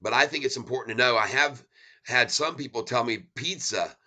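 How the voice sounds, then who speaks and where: A man hosting a casual stock market livestream, rambling and excitable, chuckling as he chats with viewers. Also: mid-range voice, a little fast.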